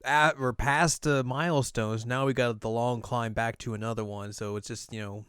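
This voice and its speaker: Smooth-voiced man hosting a podcast. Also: medium pitch, normal speed, no echo, clean studio sound. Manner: chatty, laughs often, speeds up when excited. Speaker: podcast host. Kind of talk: casual podcast chat.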